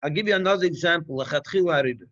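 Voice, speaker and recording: Speaking quickly, a rabbi with a lilting, rather high voice leads a farbrengen teaching session in an easygoing, chatty manner. Rhetorical questions come one after another, and he often circles back to begin a thought again. His tone is fairly bright, though the recording itself sounds dull and dry, without any echo.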